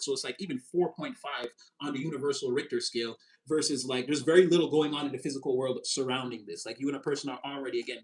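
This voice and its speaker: A man giving a casual, animated tarot reading, with a slangy spiritual pep-talk manner that jumps up in pitch when he gets excited. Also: poor audio. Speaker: tarot reader.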